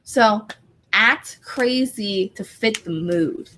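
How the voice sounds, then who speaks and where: A woman's voice: medium pitch, very slow, bright, forceful tone, a little hiss or hum, poor audio. A woman co-hosting a tabletop gaming podcast, giggly and scattered, full of "like". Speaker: podcast co-host and convention game master. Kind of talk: casual chat.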